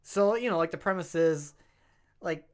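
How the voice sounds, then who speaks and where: A man's voice: on the high side, moderate pace. A man co-hosting a casual podcast, leading the topics in a rambling way, full of "like" and "um". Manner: rambling, lots of fillers and like. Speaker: podcast co-host. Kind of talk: casual chat.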